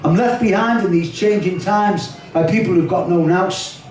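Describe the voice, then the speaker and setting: Older Liverpool man, live poetry recital, high voice, distant and echoey. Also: moderate pace, darkish tone, soft background music. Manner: rhythmic, wry delivery with spoken asides. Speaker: poet performing his own work. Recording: echoey hall, voice from off-mic.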